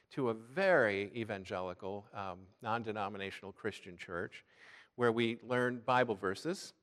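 A middle-aged man from the Chicago area, an Episcopal priest giving a sermon in a church, telling a personal story in a relaxed way with fillers and repeated words. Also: fairly low pitch, long reverb tail.

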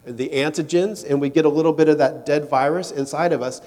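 Pastor preaching in a reverberant church. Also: male voice, fairly high pitch, steady tone, fast, a little mellow. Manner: conversational, asks questions of the congregation. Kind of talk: sermon. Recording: long hall reverb.

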